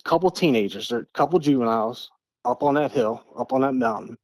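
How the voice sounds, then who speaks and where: A man's voice: mid-range voice, huge pitch swings, a little fast, creaky, a little mellow, no room sound. A middle-aged man from Eastern Maryland, a podcast guest telling a story in an earnest, repetitive way, often restarting his phrases. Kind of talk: casual storytelling.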